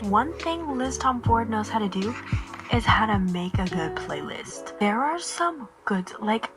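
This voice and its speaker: A woman's voice: a little high, expressive, measured pace. Chatty young woman with music behind. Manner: chatty, says "like" often. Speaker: book vlogger. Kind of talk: casual vlog diary. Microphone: camera or phone nearby.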